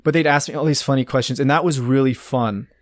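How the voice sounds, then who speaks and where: A young American man in his twenties, chatting casually and telling rambling, animated stories full of fillers. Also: mid-range voice, fast, no room sound, studio quality. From United States. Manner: rambling, animated storyteller with many restarts and "like" fillers. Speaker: guest. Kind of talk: casual storytelling chat.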